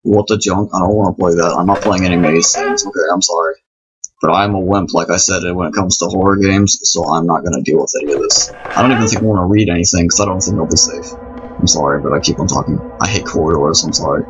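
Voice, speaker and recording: A man's voice: low voice, fast talker, slight background noise. A man giving nervous let's-play commentary on a horror game at home at night, rambling, apologizing and repeating himself. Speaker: gamer playing a horror game. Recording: dull lo-fi recording over game music. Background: game music.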